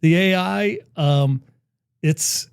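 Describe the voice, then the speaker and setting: A middle-aged male guest on a podcast with a fairly high, gravelly voice. He talks eagerly in casual chat, leaning on fillers. The recording is close and dry. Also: very slow, no room sound. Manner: enthusiastic, talks with frequent fillers.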